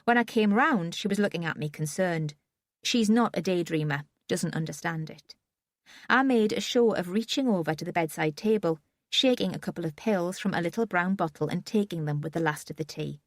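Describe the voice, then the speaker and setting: A woman's voice: on the low side, normal speed, dry recording, studio quality. A woman reading a first-person audiobook in a subdued, wry manner. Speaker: audiobook narrator.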